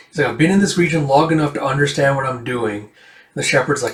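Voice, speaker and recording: A man casually recapping a comic book, voicing the characters' lines himself and jumping into loud shouts for the dramatic ones. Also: medium pitch, fast talker. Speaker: manga reader recapping a comic. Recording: echoey room, far from the mic.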